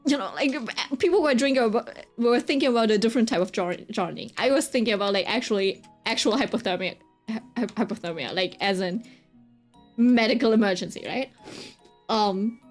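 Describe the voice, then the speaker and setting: A woman's voice: fairly high pitch, moderate pace, soft background music. A woman streamer telling a story in a casual, rambling way, full of fillers and constant "right?" check-ins. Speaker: streamer chatting while drawing.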